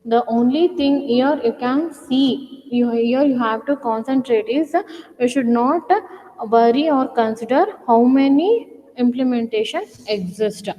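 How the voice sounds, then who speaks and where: A woman's voice: on the high side, a little slow, dark tone, highs cut off. A woman giving a recorded lecture, restating each point and asking rhetorical questions. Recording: long hall reverb.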